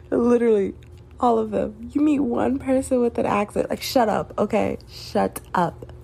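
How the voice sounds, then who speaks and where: This podcaster, a young woman in her twenties with a Southern US accent, does a casual solo chat that is candid and rambling, with swearing and laughter throughout. Her fairly high voice moves at normal speed, warm and slightly rough with vocal fry.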